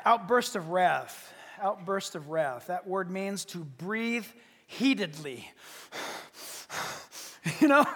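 A man preaching with a strikingly high voice that leaps all over the place. His delivery is playful and humorous, full of acted-out little scenes. The sound carries a long, hall-like reverb. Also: fairly bright tone. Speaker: pastor. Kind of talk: sermon.

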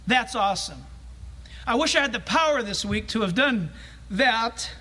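A male pastor preaching a sermon in a church, animated and humorous, acting out scenes as he tells them. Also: very high-pitched, moderate pace.

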